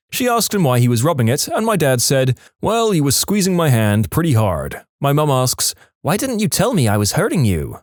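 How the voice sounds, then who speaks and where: A man narrating short funny stories in a lively storytelling manner, now and then dropping into quick comic voices for quotes. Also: mid-range voice, no echo, studio quality. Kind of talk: scripted narration.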